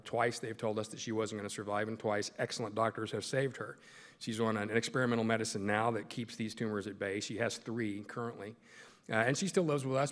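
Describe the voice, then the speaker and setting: A man's voice: mid-range voice, fairly bright tone. A middle-aged male sportscaster giving a folksy, joking speech to a club in a large meeting hall. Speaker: sportscaster and guest speaker. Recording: echoey hall with long reverb.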